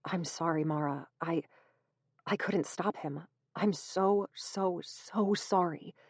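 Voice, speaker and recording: A woman's voice: on the low side, slow, no echo, clean studio sound. A woman reading an audiobook gives voice to a frightened, tender young man who pleads and apologises. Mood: apologetic.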